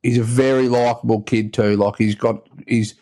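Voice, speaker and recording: A man with an Australian accent and a medium-pitched, dark, level voice speaks at normal speed as a podcast host. He spins a rambling story in a casual, chatty way, acting out the voices of the people in it.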